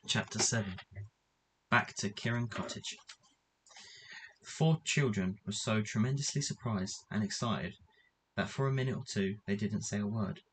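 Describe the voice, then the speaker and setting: A man reading a children's adventure book aloud in an even, measured way. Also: fairly low pitch, slight background noise. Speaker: reader.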